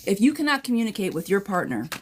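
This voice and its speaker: A woman's voice: medium pitch, very animated, quick pace. Brief: woman, talkative tarot reader, frank and familiar, faint hiss behind her. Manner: chatty, blunt, calls viewers girl and friend. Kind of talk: live-stream reading replay.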